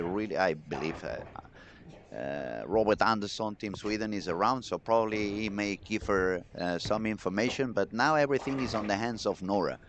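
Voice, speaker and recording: Excitable male bowling commentator. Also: lowish voice, a little hiss or hum. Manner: chatty, excitable, reads chat messages aloud. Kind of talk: live sports commentary.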